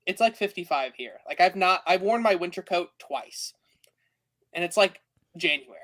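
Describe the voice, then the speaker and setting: A co-host chatting casually on a livestream, lively and quick to laugh. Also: medium pitch.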